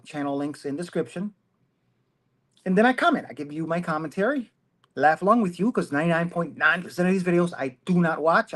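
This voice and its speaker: A middle-aged man hosting a casual commentary livestream from his phone, rambling and self-mocking, laughing often. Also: sits high. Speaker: host.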